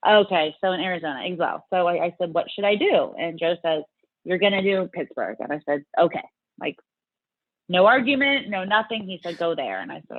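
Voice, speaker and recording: Woman, middle-aged, from the us south, lowish voice, chatty storyteller, dry phone-like sound. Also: lively intonation, a little fast, no room sound. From Louisiana, US South. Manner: chatty, acts out her own past reactions in quotes. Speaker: interview guest, fitness competitor. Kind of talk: casual interview storytelling. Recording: dry, tinny phone-like line.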